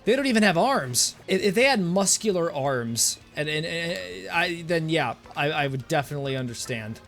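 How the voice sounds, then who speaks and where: A young man streaming a game with jokey, rambling commentary, often stammering and jumping into loud outbursts. His voice sits a little high for a man. Game music plays softly behind. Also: animated, normal speed, creaky. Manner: jokey, stammering, swings into shouts.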